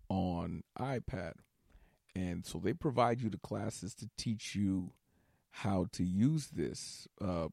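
A man's voice: low-pitched, gravelly, darkish tone, no echo, clean studio sound. A man hosting a solo comedy podcast, ranting in an exasperated way, swearing and breaking into nervous laughter. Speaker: stand-up comedian and podcast host.

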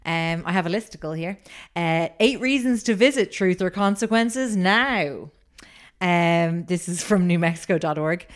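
A woman's voice: fairly low pitch, measured pace. A woman co-hosting a podcast, telling a story in a rambling casual way with many fillers. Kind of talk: casual chat.

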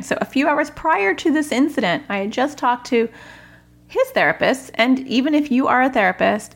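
A woman in her thirties casually telling a parenting story to her audience, acting out her children's lines and laughing often. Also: medium pitch. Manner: animated, acts out her kids' voices, laughs often. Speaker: parenting vlogger.

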